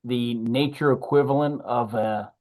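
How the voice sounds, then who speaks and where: Guy in a gaming podcast, thinking out loud, explains stuff steadily. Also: mid-range voice, steady tone, unhurried, rough recording. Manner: thoughtful, explanatory. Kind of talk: casual chat about tabletop gaming.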